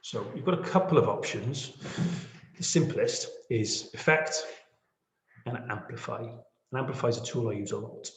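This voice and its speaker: A man's voice: medium pitch, moderate pace. A man running a webinar tutorial on podcast editing, chatty and self-deprecating, often checking in with the audience. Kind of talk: screen-share webinar tutorial. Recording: echoey room.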